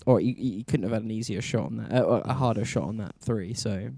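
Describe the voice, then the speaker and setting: Gravelly pool commentator. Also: male voice, lowish voice, fast, mellow. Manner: dry, teasing humour. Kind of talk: casual co-commentary.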